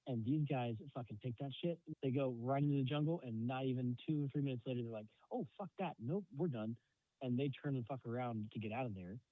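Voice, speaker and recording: A man's voice: mid-range voice, fast talker, hardly any pauses, no room sound. Man recapping a film over a tinny line. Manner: animated storytelling with acted-out quotes and frequent swearing. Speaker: podcast co-host. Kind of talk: casual movie recap chat. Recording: dry tinny phone-like sound.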